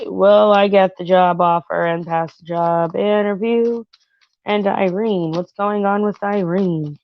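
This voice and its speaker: A woman's voice: medium pitch, unhurried, no room sound, lo-fi sound. A woman hosting her own channel, giving a casual tarot reading while chatting about a reality show, rambling with fillers and asides to viewers. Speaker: tarot reader and channel host.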